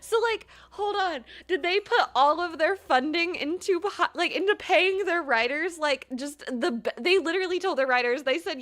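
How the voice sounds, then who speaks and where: A woman game streamer chatting casually on a live stream, animated, laughing often and using playful slang. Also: very high-pitched, normal speed, hardly any pauses.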